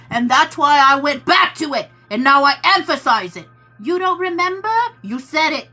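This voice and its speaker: A woman's voice: high voice, lively intonation, measured pace, bright, forceful tone, faint music behind. A woman hosting a live tarot stream, talking casually with viewers in a chatty, teasing way and calling them "my love.".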